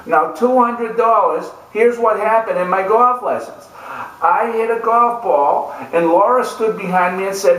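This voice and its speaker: A man's voice: high voice, lively intonation, normal speed, echoey room, distant mic, low-quality recording. A man telling a humorous golf story, a storyteller who often repeats "and, and" as he goes. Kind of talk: humorous anecdotal talk.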